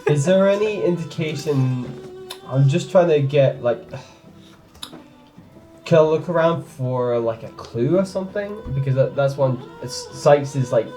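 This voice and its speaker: A man's voice: fairly high pitch, animated, unhurried, mellow, soft background music. A man playing a tabletop role-playing game, talking casually with frequent hesitations. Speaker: player.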